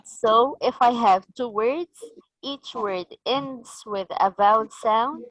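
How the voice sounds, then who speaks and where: A woman's voice: on the high side, slow pace, no room sound, low-quality recording. A woman running a teacher-training session, patiently explaining and asking the group questions. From Egypt.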